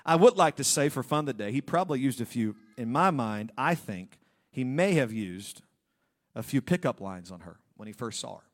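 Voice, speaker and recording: A man's voice: medium pitch, lively intonation, normal speed. A male pastor preaching a humorous sermon in a church, with playful joking asides to the congregation.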